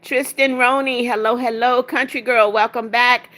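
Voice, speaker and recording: A woman with a bright, forceful voice pitched a little high hosts a live stream. She reads chat comments aloud, greets viewers with quick repeated hellos and sometimes trips over their names. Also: steady tone. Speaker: livestream host.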